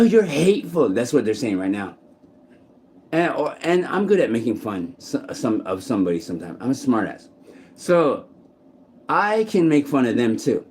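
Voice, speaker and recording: A man's voice: fairly high pitch, a little mellow, slight background noise. A man talking casually to the camera in a rambling, profane monologue full of restarts, recorded outdoors in a city park. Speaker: vlogger.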